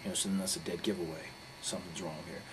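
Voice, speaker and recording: A man recounts a story in a candid interview, blunt and profane, rambling from one detail to the next. He talks quickly in a lowish voice. Steady background noise sits under the recording. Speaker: interview guest, pro wrestler.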